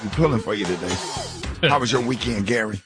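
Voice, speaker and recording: A man's voice: on the low side, fast, over music. A man hosting a radio morning show who teases his co-host and jokes in a casual, playful way. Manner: playful teasing, joking.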